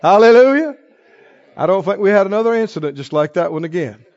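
Male pastor, middle-aged, high voice, sermon delivery, slightly muffled dry recording. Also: fast. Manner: emotional storytelling, rising to forceful exhortation.

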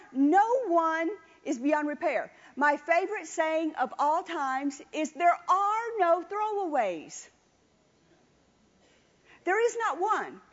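A woman preaching a sermon with emphatic repetition, calling on the congregation to answer. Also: sits high. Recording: dull lo-fi recording.

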